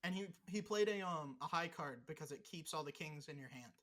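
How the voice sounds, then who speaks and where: A man's voice: on the high side, lively intonation, a little fast, fairly bright tone. A man co-hosting a casual podcast, bantering while playing a game and ranting in profane, mock-angry bursts. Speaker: podcast co-host.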